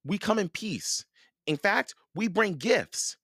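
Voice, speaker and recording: A man's voice: high-pitched, expressive, slow pace, a bit bright, breathy edge, no room sound, studio quality, voice pushed up, heavily acted. A man reading aloud and voicing a curious, careful young boy in a raised, eager voice. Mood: nervous.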